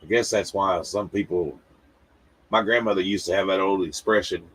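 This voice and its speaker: A man with a drawl hosts a casual livestream in a lowish, husky voice. He rambles along and talks straight to his viewers, stumbling over his words and repeating them as he goes. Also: fairly even intonation, moderate pace. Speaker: livestream host.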